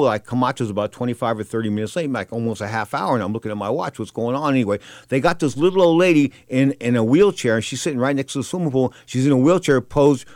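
Quick-talking radio guy hosting a boxing show, telling stories, dry close sound. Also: mid-range voice, dry recording. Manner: animated storyteller, repeats "I kid you not". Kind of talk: radio talk show storytelling.

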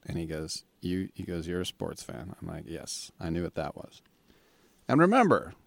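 A man hosts a sports talk show in a slightly low voice. He rambles through stories and plays every voice in them himself. The sound is dry and close, with no room around it. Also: clear, resonant tone, no room sound. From Bay Area, California. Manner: rambling storyteller who acts out both sides of conversations. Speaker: sports talk radio host. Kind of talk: casual chat.

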